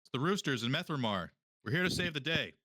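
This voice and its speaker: A man playing a tabletop game, speaking in a wry, deadpan way. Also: on the high side, fast talker. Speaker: player. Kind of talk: casual tabletop play.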